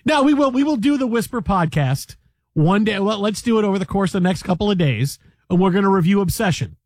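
A man hosting a talk radio show, bantering playfully with co-hosts, laughing often and slipping into quick impressions. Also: high-pitched, lively intonation, no echo, clean studio sound. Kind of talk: casual sports radio banter.

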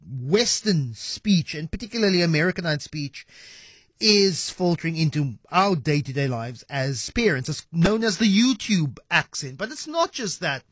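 High-voiced South African radio host. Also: male voice, a bit bright, no echo. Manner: conversational, musing aloud with playful asides. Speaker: radio talk show host. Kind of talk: radio interview. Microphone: studio microphone.

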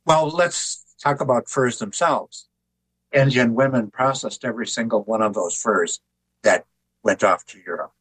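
An older man, an author and artist, telling stories in a relaxed, anecdotal way during an interview. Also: medium pitch, a little slow, breathy edge, low-quality recording. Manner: relaxed anecdotal telling, chuckles at his own jokes. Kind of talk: conversational interview storytelling.

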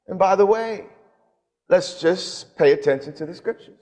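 A man preaching a sermon in a large church, his voice sitting a little high for a man and trailing off in a long reverb. He swings from quick storytelling into loud shouts and slow, drawn-out emphasis. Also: lively intonation. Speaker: bishop. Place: church sanctuary.

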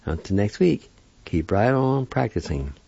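Male language teacher, slow and mellow, spells words syllable by syllable; dull, dry lo-fi recording. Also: fairly low pitch, very animated, creaky, husky, dry recording. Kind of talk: weekly pronunciation lesson.

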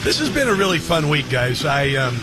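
A man's voice: fairly high pitch, very animated, a little fast, music in the background. A middle-aged man hosting a talk radio show, rambling with many fillers and mocking asides. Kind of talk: casual opinionated talk radio.

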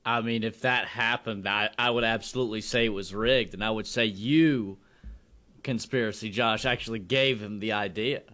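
A man's voice: lowish voice, moderate pace, sharp tone. A man co-hosting a sports radio show, joking with his partner. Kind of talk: casual sports talk.

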